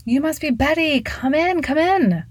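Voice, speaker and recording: A woman's voice: high-pitched, animated, a little slow, no room sound, pitched above the performer's own voice. A woman voicing an effusive, welcoming male teacher in a storybook reading. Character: enthusiastic charming male teacher, adult.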